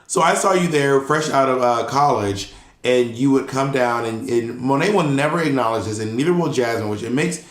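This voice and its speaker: A podcast co-host tells stories with animation, acting out quotes in a casual chat. His voice sits at medium pitch and normal speed, and the room gives a roomy echo.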